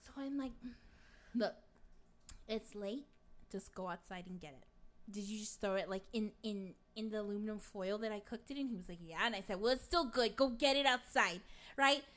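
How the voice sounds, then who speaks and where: A woman's voice: mid-range voice, normal speed, a bit bright, natural voice. A woman playing a brash, crude middle-aged gossip in a comic sketch, rambling through a story with plenty of swearing. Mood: brash, gossipy. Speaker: guest.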